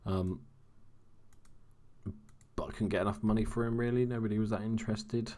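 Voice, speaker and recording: Low-voiced man, quiet gaming chatter. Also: steady tone, moderate pace. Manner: talking quietly, late-night low-key chatter. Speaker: gaming commentator. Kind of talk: casual let's-play commentary.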